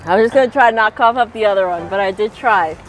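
Young woman chatting on a fishing vlog, expressive, on a boat outside with music playing. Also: mid-range voice, quick pace, rough recording. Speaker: co-host, fishing vlogger. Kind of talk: casual vlog chat.

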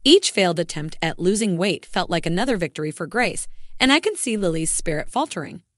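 Female narrator for an animated story, emotive delivery with a wide, animated pitch range. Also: brisk, dry recording, clean studio sound. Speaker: first-person story narrator. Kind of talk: scripted narration.

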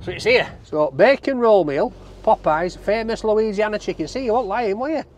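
A man's voice: high voice, normal speed. A man with a Yorkshire accent from Barnsley, hosting a takeaway review vlog and chatting jokily with his cameraman while driving through town. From Barnsley, England. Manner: chatty, jokey, banter with cameraman. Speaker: food reviewer host.

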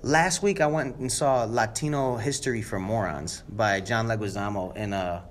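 Animated man in his late twenties. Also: fairly low pitch, normal speed, slight background noise. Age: 20s. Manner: animated, emphatic storytelling. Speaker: guest, rapper. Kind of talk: conversational interview answers.

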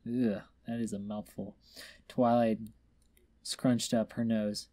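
A man reads a story aloud in a casual, unpolished way. He goes slowly, with a dark, mellow voice. He stumbles over words and drops in offhand remarks. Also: medium pitch, steady tone. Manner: offhand, trips over words, adds asides. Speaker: reader. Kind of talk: casual reading of fan fiction aloud.

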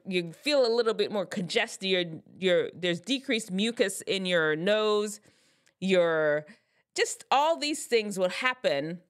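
Woman, lowish voice, casual explainer vlog, chatty and self-correcting. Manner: chatty, loose and self-correcting, slips into science terms. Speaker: advice vlogger.

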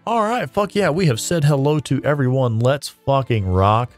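Man with a cold, lively livestream host. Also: medium pitch, normal speed, faint music behind. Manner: swears freely, laughs often. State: sick with a cold. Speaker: streamer host. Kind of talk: casual livestream chat.

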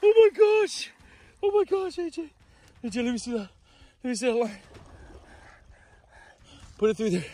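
A man hosting a fishing vlog, exclaiming and shouting excitedly outdoors at a river spillway. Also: very high-pitched, normal speed, long pauses. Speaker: fishing channel host.

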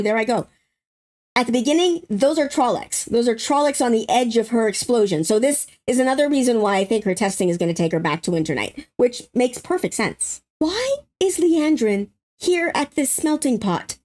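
A young adult woman hosting a casual trailer breakdown, excitable and breaking into squeals and laughs. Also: a little high, moderate pace. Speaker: YouTube host.

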